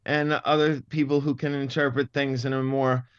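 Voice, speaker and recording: A man's voice: medium pitch, level tone, normal speed, clean tone, no room sound, highs cut off. A man in his fifties from Massachusetts, speaking in a neutral Midwestern-style American accent as an interview guest, thoughtful and full of stammering restarts. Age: 50s. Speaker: comedian guest. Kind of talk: interview conversation.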